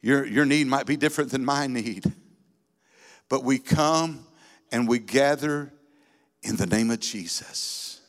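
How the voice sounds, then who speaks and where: A man preaching a sermon in a church, building from steady teaching into fervent, emphatic exhortation. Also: medium pitch, measured pace, pauses often. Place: church sanctuary. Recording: long reverb in a hall.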